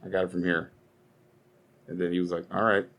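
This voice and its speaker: A young man co-hosts a casual podcast, rambling, swearing and arguing as he tells heated stories. His voice sits low and a bit bright, with a level tone and a fairly quick pace.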